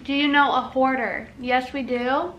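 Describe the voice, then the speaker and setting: A woman's voice: high voice, steady tone, measured pace, muffled recording, a little hiss or hum. A young woman vlogging, chatting casually and reading out questions to her husband. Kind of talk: casual chat.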